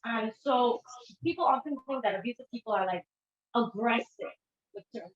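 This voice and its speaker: A therapist gives an informal conference talk, speaking conversationally and acting out quoted dialogue in shifting voices. Her voice is on the high side at a normal speed. The room is echoey and the sound dull and lo-fi.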